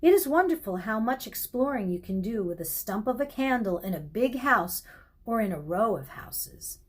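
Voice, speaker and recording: Female audiobook narrator; calm, expressive storytelling, slightly high voice. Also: moderate pace, slightly rough. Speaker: audiobook reader.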